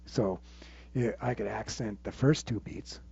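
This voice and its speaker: A man teaching a drum lesson, explaining step by step in a relaxed way and counting stickings aloud. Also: on the low side, measured pace, creaky, loud music behind the voice. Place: room with a drum kit. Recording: muffled sound with loud drums. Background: loud drumming between phrases.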